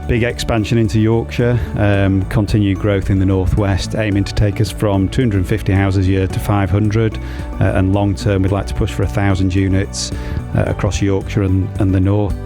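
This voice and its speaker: A man from a sponsoring company talking in a steady, businesslike way about its growth. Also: on the low side, moderate pace, few pauses. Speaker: club sponsor. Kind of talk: promotional statement. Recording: guitar music behind.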